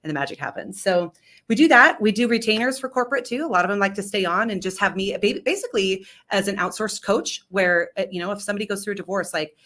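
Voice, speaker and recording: A woman's voice: medium pitch, fast, a bit bright. A woman leadership coach telling a personal story in an interview, candid and emphatic, often checking in with "right?". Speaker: leadership coach and business founder.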